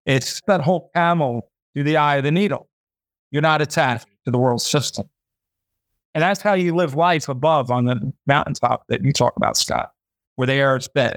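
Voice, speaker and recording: A man's voice: fairly high pitch, moderate pace, no echo. A man hosting a podcast, giving an impassioned faith talk in a fervent, preachy way, repeating himself and voicing imagined listeners.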